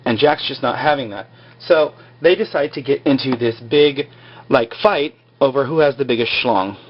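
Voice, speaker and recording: A man's voice: mid-range voice, normal speed, highs cut off. A man recapping a TV episode in a loose, casual way, full of fillers and joking asides. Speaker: video blogger recapping a TV episode.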